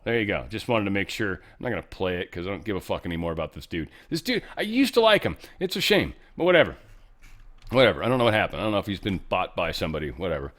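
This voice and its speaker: A man's voice: lowish voice, fairly bright tone. A man hosting a show, giving casual political commentary in a blunt, rambling way with frequent profanity. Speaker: show host.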